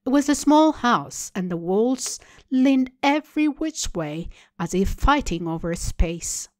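Slow, deliberate woman reading a story. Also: on the high side, animated, darkish tone, no echo. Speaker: story reader. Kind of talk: literary reading.

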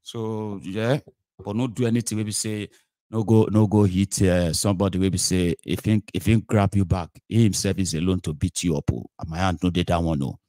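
A man with a Nigerian accent hosting a live political talk show, animated, switching between English, Pidgin and Yoruba with mocking asides. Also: sits low, moderate pace, dry recording, studio quality. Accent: Nigerian, Yoruba-inflected. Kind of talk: live solo political commentary.

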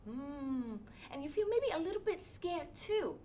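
A woman leading an interactive children's storytelling session, animated and sing-song, with playful sound effects. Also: high-pitched, unhurried, a little hiss or hum. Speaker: storytelling workshop leader.

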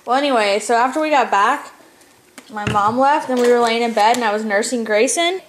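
Young mother, high voice, tired and chatty, sing-song with the kids, home vlog. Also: fairly quick, a little hiss or hum. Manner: chatty, sing-song talk to her toddler. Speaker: mother vlogging family life. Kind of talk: casual home vlog chat. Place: family home.

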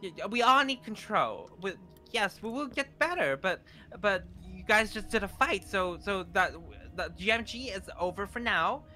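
A man's voice: high voice, animated, moderate pace, few pauses, pushed and bright, faint music behind. A man roleplaying in a Minecraft series who talks in a flustered, stammering way and keeps repeating words. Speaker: roleplay player.

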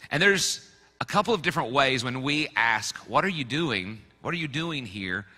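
A male pastor delivers a sermon in an easy, conversational way, sliding in playful asides. His voice is strikingly bright, and it rings out with a long reverb, as if filling a large church. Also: medium pitch, lively intonation, moderate pace, breathy edge. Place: church sanctuary.

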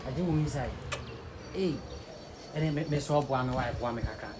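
A man with a Ghanaian accent doing an improvised comedy skit, loud and switching between Twi and pidgin English. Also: medium pitch, a little fast, noisy background.

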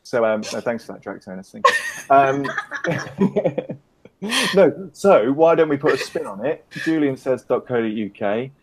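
A man's voice: mid-range voice, lively intonation, measured pace. A middle-aged man from Britain, a guest on a casual call-in interview, chatty and jokey with easy laughs. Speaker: interview guest, business owner.

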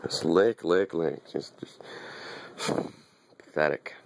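A man speaks slowly in a low, creaky, darkish voice, with slight background noise behind him. He's filming his little dog and teasing it in a wry, casual running commentary to camera, frequently repeating himself.

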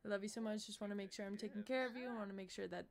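A woman voicing a tender young man who affectionately congratulates a friend, with a soft, earnest delivery. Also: mid-range voice, steady tone, racing, crowd noise, lightly acted.

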